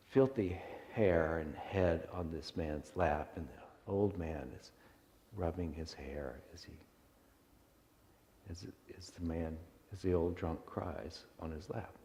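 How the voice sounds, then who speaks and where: A male minister with a low voice and lively, rising-and-falling pitch, telling a sermon story in an earnest, reflective way. His voice rings around a large, echoing church sanctuary with a long reverb tail. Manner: reflective, earnest, with small restarts. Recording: echoey church hall.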